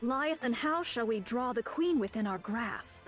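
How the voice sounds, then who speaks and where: A woman's voice: on the high side, expressive, measured pace, soft background music. Woman doing a stately archaic-speaking lady. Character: old-fashioned noble woman speaking archaic English. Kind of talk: reading a game story aloud.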